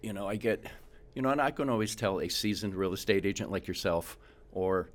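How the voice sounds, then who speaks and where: A man who works as a home inspector, telling animated stories in a casual interview and acting out the people he quotes. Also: on the low side, a little fast. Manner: animated storyteller, acts out quotes, frequent restarts.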